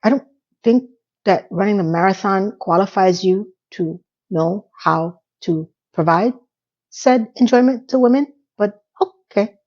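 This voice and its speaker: A woman's voice: medium pitch, a little slow, darkish tone. Woman recapping a show, chatty and sarcastic, kinda muffled lo-fi audio. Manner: chatty and sarcastic, with frank asides. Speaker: TV episode recapper. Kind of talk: casual recap commentary.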